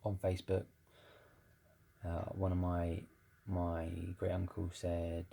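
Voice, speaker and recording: Brief: dark-toned, gravelly man, candid and unpolished, chatting off the cuff. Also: low-pitched, little pitch movement, measured pace. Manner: rambling, with many restarts and swearing. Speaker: ex-Jehovah's Witness vlogger. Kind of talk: casual rambling monologue.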